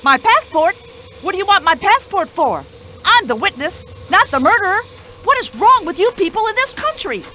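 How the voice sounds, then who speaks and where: A woman's voice: a little high, very animated, normal speed, pushed and bright, a little hiss or hum, rough recording. A woman voicing a talkative, indignant older widow in a radio play, speaking. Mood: impatient, indignant. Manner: indignant, chatty, complaining.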